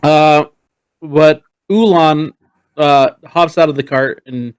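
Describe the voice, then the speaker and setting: A man's voice: a little high, steady tone, slow pace, clear, resonant tone, dry recording, poor audio. A man narrating as game master in a streamed tabletop game, rambling and full of fillers. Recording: streamed voice chat.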